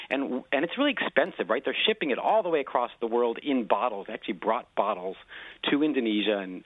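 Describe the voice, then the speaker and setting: A man's voice: mid-range voice, no room sound. A man, a book author and radio guest, telling history eagerly and explaining with lots of fillers. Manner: enthusiastic storyteller, lively explaining with fillers. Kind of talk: radio interview. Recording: tinny phone-line sound.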